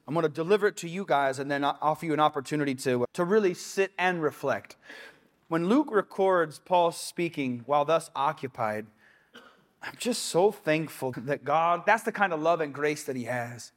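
Casual, slightly high-voiced male pastor. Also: lively intonation, moderate pace. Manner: casual, conversational preaching with quoted asides. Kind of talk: sermon. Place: church sanctuary.

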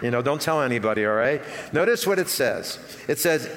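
A man's voice: mid-range voice, animated, brisk, few pauses, fairly bright tone. An older man preaching a sermon to his congregation, telling a folksy story with self-deprecating asides. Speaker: pastor. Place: church sanctuary. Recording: long reverb of a church hall.

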